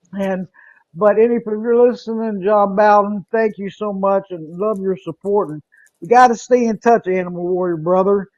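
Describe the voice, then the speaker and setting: A woman's voice: mid-range voice, a little mellow, dry recording. A woman hosts a live internet radio show in loose, unscripted talk. She rambles, stumbles and restarts her sentences. Her voice sounds close and dry, with a muffled, lo-fi quality. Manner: rambling, halting, with many fillers and restarts. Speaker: radio podcast host.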